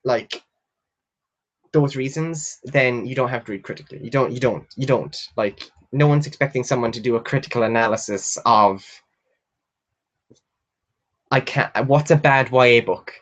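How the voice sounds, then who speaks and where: A man's voice: medium pitch, normal speed, pauses often, a bit bright, rough recording. A young man in the middle of his own voice range, talking off the cuff to a live audience. He rambles and gushes about books and people he admires, peppering everything with "like" and the occasional curse, and answers comments as they arrive. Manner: rambling and gushing, with frequent "like" fillers and swearing; reads viewer comments aloud and answers them. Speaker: booktuber hosting a live stream. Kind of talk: casual live-stream chat.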